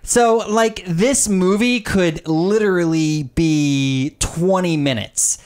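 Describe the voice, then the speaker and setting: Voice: mid-range voice, slow, a little mellow. A podcast co-host in casual movie chat, teasing and playing devil's advocate.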